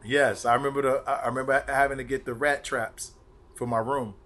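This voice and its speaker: A man, a comedian and actor, telling stories as a podcast guest, animated and profane, acting out quotes and laughing often. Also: medium pitch, brisk. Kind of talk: casual chat, storytelling.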